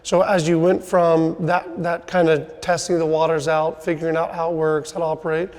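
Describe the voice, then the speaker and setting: A man's voice: fairly high pitch, darkish tone, in a large hall. A middle-aged man hosting a casual podcast interview, coaching his guest and often tagging on "right?" and "you know". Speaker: podcast host, sales team leader.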